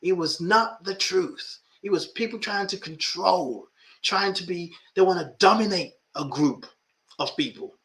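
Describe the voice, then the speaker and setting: A man's voice: high-pitched, a little slow, fairly bright tone. A man who is a life coach and podcast host, talking reflectively about spirituality and often repeating phrases for emphasis.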